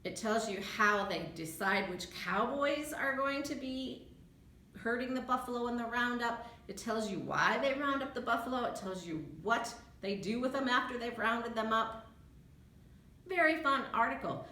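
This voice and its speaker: A woman's voice: a little high, animated, normal speed, pushed and bright. A woman librarian giving a chatty screen-share tutorial, thinking aloud as she clicks through a research tool. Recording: echoey room.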